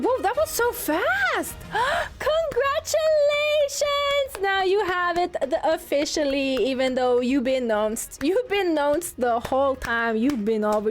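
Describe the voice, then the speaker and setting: A young woman streaming, chatting casually with her viewers, giggling often as she reads and answers chat. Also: high voice.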